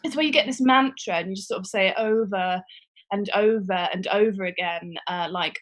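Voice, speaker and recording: A woman's voice: mid-range voice, a little fast, low-quality recording. A woman comedian doing a self-mocking, rambling stand-up bit on a panel show over a video call. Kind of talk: stand-up style monologue.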